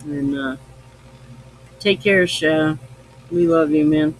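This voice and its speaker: A man's voice: fairly high pitch, slow pace, a little hiss or hum, poor audio. A tipsy man hosting a live podcast, rambling, swearing freely and affectionate. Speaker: podcast host. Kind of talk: casual live-stream chat.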